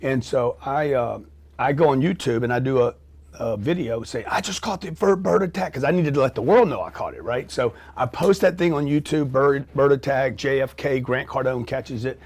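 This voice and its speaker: A middle-aged man telling a story as a guest on an interview show, animated and profane, acting out scenes with sound effects and quoted voices. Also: mid-range voice, moderate pace.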